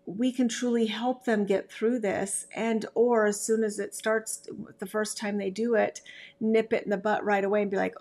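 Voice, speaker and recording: A woman's voice: medium pitch, level tone, moderate pace, darkish tone. A woman who hosts a podcast as a dog trainer, giving casual advice in a chatty, emphatic way with frequent restarts.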